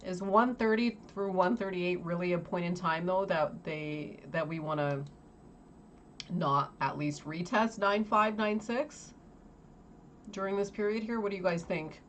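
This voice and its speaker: Woman, casual live commentary, thinking aloud, questioning viewers, slightly low pitch. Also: steady tone, unhurried, slight background noise. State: chewing while talking. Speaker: trading livestream host.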